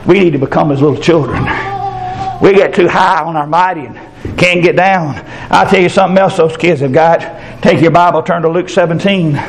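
An older man preaching a fervent sermon, dropping into low asides and then rising into high, shouted passages. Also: a little hiss or hum. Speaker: pastor.

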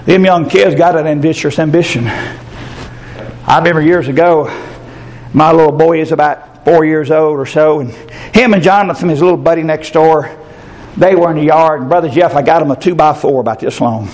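An older man preaching a fervent sermon, dropping into low asides and then rising into high, shouted passages. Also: normal speed. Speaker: pastor.

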